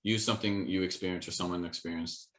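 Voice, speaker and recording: Young man, podcast co-host, lowish voice, bright tone, casual rambling chat. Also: steady tone, quick pace. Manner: rambling, hesitant, lots of fillers.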